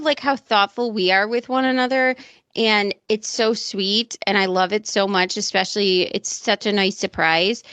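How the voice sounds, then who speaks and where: A woman's voice: on the high side, a bit bright, no room sound. A woman co-hosting a casual podcast, talking in an emphatic, exasperated way. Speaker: podcast co-host.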